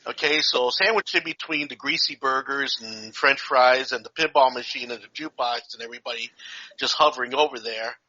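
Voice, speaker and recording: Sharp-toned man telling a folksy story. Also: mid-range voice, a little fast. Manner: folksy, checks in with the listener with "okay" and "you know". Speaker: podcast co-host. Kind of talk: casual storytelling chat. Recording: dull lo-fi podcast recording.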